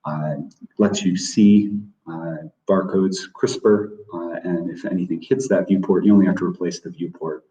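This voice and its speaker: A man's voice: low-pitched, fairly even intonation, normal speed, dark tone. A man presenting product features in a webinar, hesitant and full of filler words. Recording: distant, roomy, dull audio.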